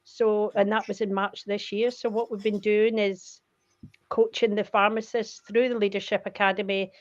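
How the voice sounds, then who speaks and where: An older Scottish woman, a retired career coach, appears as a guest on a video call, chatting and telling stories and laughing readily. Her mid-range voice has a level tone, heard through muffled lo-fi call audio.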